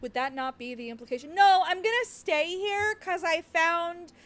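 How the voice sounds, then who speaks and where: A young woman giving casual, laughing reaction commentary on a game, animated and self-mocking. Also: very high voice, normal speed. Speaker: game streamer.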